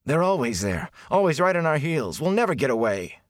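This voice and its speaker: A man's voice: low voice, a little slow, vocal fry, slightly rough, no room sound, clean studio sound, heavily acted. A man voicing a grim, fearful young man on the run, growling gloomily in an audiobook reading. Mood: gloomy.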